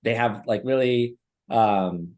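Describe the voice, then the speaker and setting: A man's voice: lowish voice, takes it slowly, a little mellow. A young man on a podcast, telling a story casually, rambling with lots of fillers and swearing. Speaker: podcast co-host. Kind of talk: casual chat.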